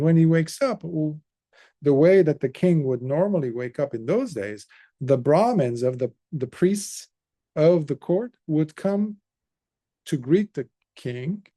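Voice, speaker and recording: A man's voice: on the high side, dark tone. A man, a Buddhist monk, telling a story in a conversational dharma talk with casual asides.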